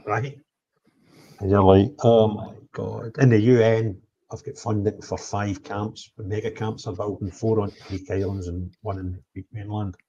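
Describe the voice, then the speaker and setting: A man telling of his travels in an animated livestream chat, blunt, swinging between loud outbursts and low mutters. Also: moderate pace. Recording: dull lo-fi stream audio.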